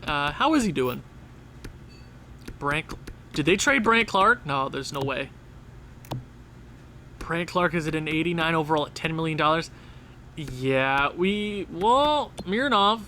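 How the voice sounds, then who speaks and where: A man giving casual, excitable gameplay commentary, talking straight to the game as he plays. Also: high voice, slight background noise. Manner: excitable, talks to the game and players. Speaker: gaming channel host.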